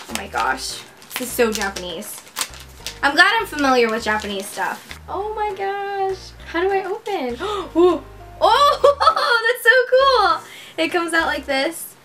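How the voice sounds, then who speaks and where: A young woman chatting excitedly on her vlog as she unboxes a gift package, gushing with many exclamations. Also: sits high, measured pace, over music. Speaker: vlogger.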